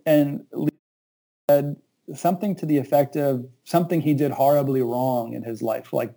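Dark-voiced man telling his calling story. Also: medium pitch, normal speed, vocal fry, low-quality recording. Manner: earnest, reflective, with animated quoted asides. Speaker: pastor. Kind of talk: conversational storytelling.

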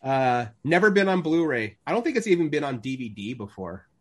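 A man's voice: medium pitch, very animated, fairly quick. A man co-hosting a podcast in casual chat, a jokey storyteller who acts out movie lines. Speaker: podcast co-host.

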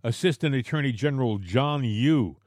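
A man's voice: mid-range voice, expressive, moderate pace, a little mellow, no echo, clean studio sound. Emphatic man talking politics. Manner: emphatic, repeats words. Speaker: talk show co-host. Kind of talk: political talk.

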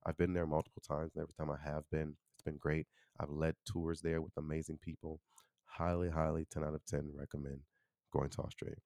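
A man's voice: very deep voice, flat delivery, a little fast, a little mellow, dry recording, studio quality. A young man from Chicago hosting a casual solo podcast, chatty and loose, with lots of "you know" and "like.". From Chicago, USA. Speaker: podcast host.

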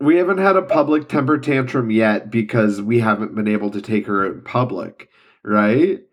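A man's voice: lowish voice, normal speed. A young man and father chatting casually and with amusement about his toddler. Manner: amused, laughs while telling stories. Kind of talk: casual chat.

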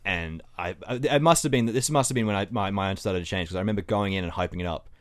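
Fast-talking low-voiced man ranting. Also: no room sound. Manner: rants with rising exasperation. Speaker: guest. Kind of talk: casual podcast chat.

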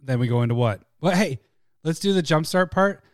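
A man co-hosting a podcast, excitable and giggly, talking in quick bursts. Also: on the high side, dry recording, clean studio sound. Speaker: podcast co-host. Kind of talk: casual chat about card games.

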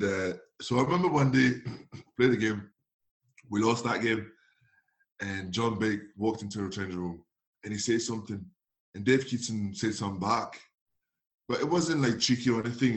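Animated, laughing former footballer telling stories. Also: male voice, on the low side, moderate pace, pauses often. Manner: animated, laughing often, acting out others' voices. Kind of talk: casual storytelling in an interview.

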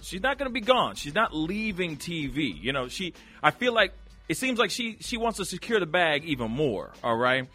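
A man hosting a radio show, chatting casually and addressing the listeners directly with slangy, animated talk. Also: a little high, normal speed, soft background music. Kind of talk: casual chat.

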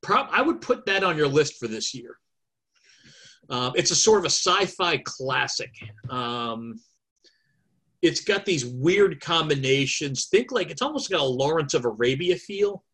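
A man's voice: a little high, sing-song, measured pace, fairly bright tone, breathy edge. A man chatting on a podcast over a video call, talkative and thinking aloud with many fillers. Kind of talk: casual chat.

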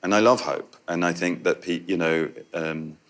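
Low voiced yorkshire guy, film director at a q&a, chatty, lots of laughing and restarts. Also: fairly even intonation, moderate pace, fairly bright tone. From Yorkshire, England. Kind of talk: casual conversational answers.

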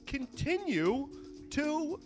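A man's voice: extremely high pitch, sing-song, drawn-out words, faint music behind. A man co-hosting a comedy podcast, playful and laughing often, sometimes slipping into a mock teacher's voice. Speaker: podcast co-host. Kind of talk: comedic casual chat.

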